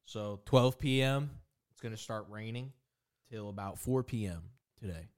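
Young male co-host, low register, loose joking storyteller in casual chat. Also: normal speed, clear, resonant tone. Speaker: podcast co-host.

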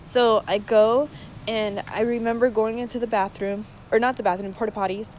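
A woman's voice: a little high, steady tone, moderate pace, a little mellow, a little hiss or hum, poor audio. A young woman rambling through a story in casual chat, swearing often and using lots of fillers.

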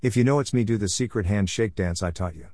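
Worried cat owner, everyday voice, low and dry; a man reads him. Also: fast talker, warm tone, no echo, natural voice.

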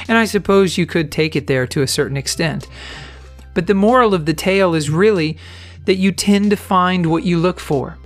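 A man's voice: fairly high pitch, a little fast, soft background music. A man hosting a motivational podcast, telling a story in an earnest, conversational, encouraging way. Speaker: podcast host.

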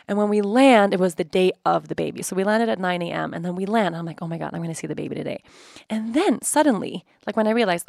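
A woman's voice: medium pitch, gravelly, no echo, studio quality. A woman podcast host telling a personal story in a chatty way, full of "like" and "you know", acting out her own thoughts as she goes.

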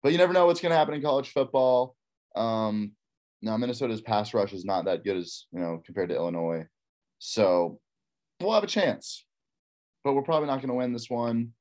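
A Texan man with a faint accent rambles casually through his college football picks on his own. His voice is medium in pitch, a little mellow, and fairly quick, and he repeats himself while giving frank opinions.

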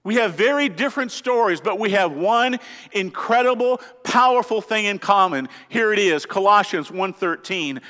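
Male pastor, high voice, earnest emphatic sermon, rhetorical questions, long church reverb. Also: expressive, moderate pace, pushed and bright. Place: church sanctuary.

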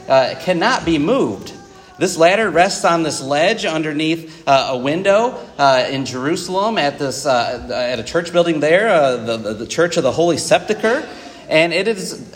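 A preacher with a voice a bit high for a man gives a relaxed, conversational sermon, sprinkling fillers and asides to his congregation. The church auditorium adds a long reverb.

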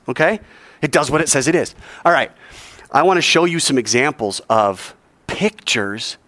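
A male teacher giving an animated classroom lecture, quizzing the class and joking as he goes. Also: a little high, no room sound.

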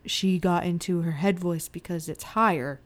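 Brief: woman co-host, lower pitch, opinionated, talks singing technique in relaxed chat. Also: normal speed. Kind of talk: casual chat.

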